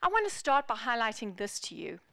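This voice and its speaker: A woman pastor preaching a sermon in an animated, playful, emphatic way. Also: on the high side, brisk, creaky, no echo, studio quality.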